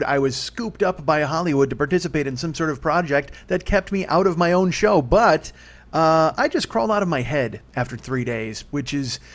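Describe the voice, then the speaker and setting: A man in his forties talks quickly through a rambling solo podcast monologue. His voice sits a bit high, and he swears casually and laughs at himself. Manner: rambling, profane, self-deprecating. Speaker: podcast host.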